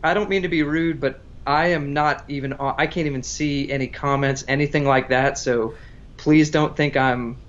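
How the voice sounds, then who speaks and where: A man's voice: on the high side, fairly even intonation, normal speed, highs cut off. A man chatting casually as a guest musician, telling a story in a rambling, self-interrupting way. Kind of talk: casual livestream chat between songs.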